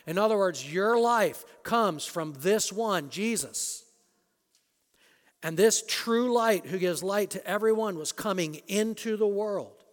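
A man preaching a sermon as a pastor, emphatic, rising to loud peaks and dropping low again. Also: a little slow. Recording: long reverb of a large hall.

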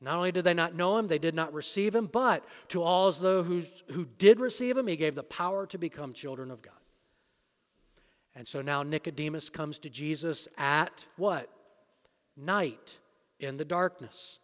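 Emphatic male preacher in a reverberant hall. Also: moderate pace. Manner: emphatic, rising to loud peaks, then drops low. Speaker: pastor. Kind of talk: sermon. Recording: long reverb of a large hall.

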